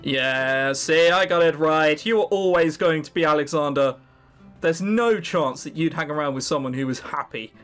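A man's voice: fairly high pitch, normal speed, a bit bright. Sarcastic man commenting on a game. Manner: sarcastic, joking. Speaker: let's play host. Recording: faint background music.

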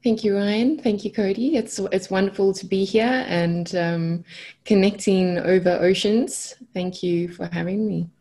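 A woman from South Africa with a South African accent, a coach speaking as a guest on a podcast, gentle and laughing softly. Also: medium pitch, unhurried. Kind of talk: casual podcast interview.

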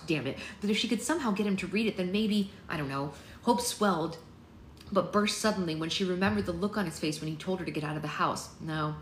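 A woman reading a novel aloud for her book club in a steady, unhurried storytelling way. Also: on the low side. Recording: roomy sound with faint noise.

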